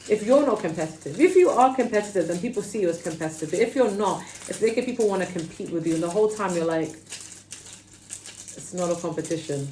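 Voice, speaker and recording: Woman, London accent, mid-pitched, talkative tarot reader; roomy sound. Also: fast talker, few pauses, slight background noise. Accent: London English. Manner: chatty, animated, peppered with "okay?" and "like". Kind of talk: casual pick-a-card tarot reading. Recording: roomy echo.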